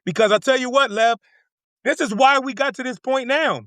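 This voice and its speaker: Man, congressional candidate, passionate, repeats himself, bright tense tone. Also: very high voice, moderate pace, dry recording. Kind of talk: fired-up casual talk.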